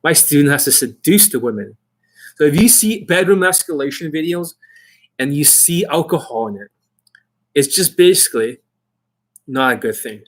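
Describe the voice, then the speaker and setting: A man delivering a blunt, emphatic instructional monologue as a dating coach. His voice sits a little higher than most men's, and he states his points flatly and with certainty. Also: moderate pace, pauses often.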